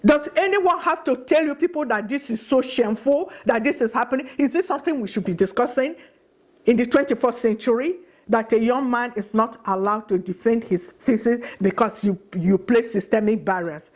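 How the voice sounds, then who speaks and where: A woman's voice: fairly high pitch, normal speed. A middle-aged woman speaking straight to the camera, indignant and pleading, repeating her points for emphasis. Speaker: vlogger. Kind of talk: impassioned direct-to-camera address.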